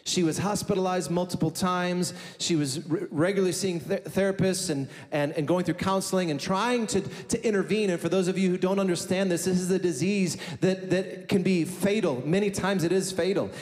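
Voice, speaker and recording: A man's voice: sits high, fairly even intonation, normal speed, few pauses. A man preaching a sermon as pastor, telling a story emphatically and building to fervent declarations. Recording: echoey hall with soft music.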